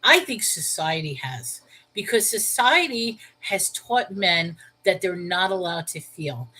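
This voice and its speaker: A middle-aged woman hosting a casual livestream, chatting with viewers, laughing often, and slowing down to give earnest spiritual advice. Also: lowish voice, lively intonation, pushed and bright, husky, rough recording. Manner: earnest and slow when giving spiritual advice. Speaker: host of a Bible livestream.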